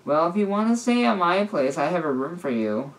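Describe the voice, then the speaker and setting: A man voicing an excitable, playful young man who talks loudly and gleefully. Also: sits high, fairly quick, pitched above the performer's own voice, rough recording. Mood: eager. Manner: loud, bouncy and gleeful.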